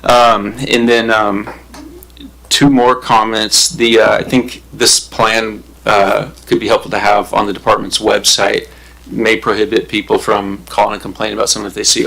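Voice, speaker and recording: A man on the city council giving remarks at a public meeting, halting and full of fillers. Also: on the low side, level tone, vocal fry, a bit bright, low-quality recording. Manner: halting, many fillers and restarts. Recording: government meeting broadcast.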